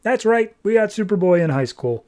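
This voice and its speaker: A man hosting a comics podcast, recapping an issue in a casual, animated way and nitpicking its mistakes. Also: sits high. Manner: animated, exasperated nitpicking, quick paraphrased dialogue. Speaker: podcast host reviewing comics.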